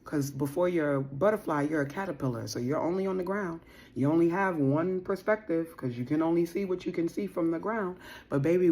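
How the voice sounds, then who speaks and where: A woman's voice: sits low, a little mellow. A woman giving a casual tarot reading to her viewers. She talks in a chatty, slangy, playful way and laughs often. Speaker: tarot reader.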